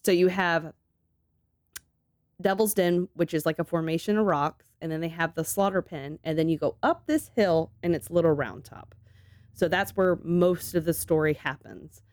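A woman's voice: fairly low pitch, normal speed, darkish tone, no room sound, studio quality. A woman co-hosting a casual podcast chat, laughing often and swearing casually as she tells a ghost story. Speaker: podcast co-host.

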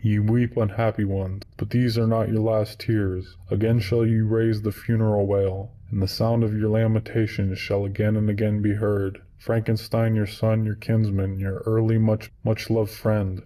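A man narrating a classic novel in a solemn, measured, somber reading. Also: lowish voice, flat delivery, mellow, distant mic, low-quality recording. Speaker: audiobook narrator.

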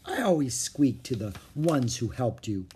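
A man voicing a wise, gentle female enchantress in a storybook, speaking softly and calmly. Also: mid-range voice, measured pace, breathy edge, full character voice. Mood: serene. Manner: soft and calm.

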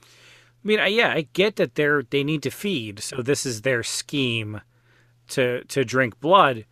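A man's voice: medium pitch, lively intonation, slow, bright, forceful tone, no echo, clean studio sound. A man chatting casually and wryly about a film on a podcast, with plenty of fillers. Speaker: podcast guest or co-host.

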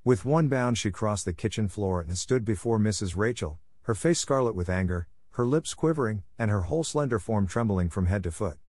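Low-voiced man reading an audiobook. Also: animated, moderate pace, few pauses, darkish tone, dry recording. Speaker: narrator. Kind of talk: audiobook narration.

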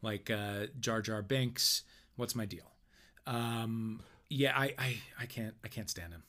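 A man's voice: on the low side, slow, bright, forceful tone. A man co-hosting a casual podcast, dry and sardonic, who swears offhandedly. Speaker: podcast co-host. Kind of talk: casual chat.

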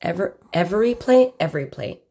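A woman's voice: on the low side, expressive, a little fast, creaky, dark tone, slightly rough. A young woman co-hosting a casual podcast, a few beers in, teasing and rambling as she talks. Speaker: podcast co-host. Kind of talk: casual chat.

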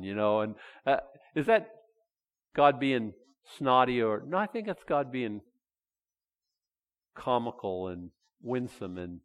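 A man, folksy and animated, acting out Bible figures in quick dialogue. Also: mid-range voice, long reverb tail. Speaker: pastor. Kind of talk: conversational sermon.

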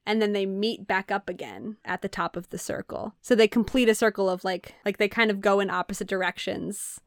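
A woman's voice: mid-range voice, fairly quick, no echo, clean studio sound. A woman co-hosting a casual chat, patiently explaining with a giggly, loose manner and lots of "like". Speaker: podcast co-host.

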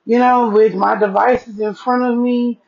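A woman with a fairly high voice talks slowly and easily to her listeners, sprinkling her talk with "y'all" and "okay?". Her sound is dull and lo-fi, picked up by a mic at her ear. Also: fairly even intonation, vocal fry, a little mellow. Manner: chatty, folksy, leans on "okay?" and "y'all". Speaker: podcast host. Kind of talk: casual solo podcast chat. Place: seated at home with devices. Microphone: earpiece mic.

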